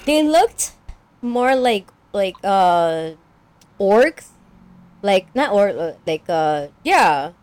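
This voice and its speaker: A woman's voice: mid-range voice, very animated, drawn-out words, darkish tone. A young woman casually recapping a story as a podcast co-host, rambling with lots of "like" and acting out characters.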